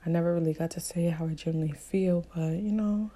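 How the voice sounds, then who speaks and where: A woman's voice: on the low side, steady tone, fast, dark tone. A young woman telling a personal story in a candid, emotional way, talking casually with blunt slang and plenty of fillers.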